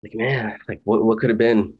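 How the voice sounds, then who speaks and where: A man's voice: on the low side, steady tone, moderate pace, slightly rough, phone-quality sound. A man co-hosting a casual podcast, talking earnestly and rambling with lots of fillers. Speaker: podcast co-host. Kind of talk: casual chat.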